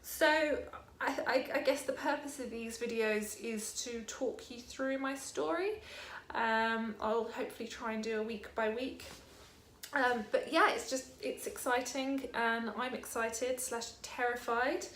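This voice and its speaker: A woman's voice: on the high side, a little slow, fairly bright tone, slight background noise. A young British woman vlogging in casual chat at home, rambling and hesitant, with many ums. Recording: echoey room.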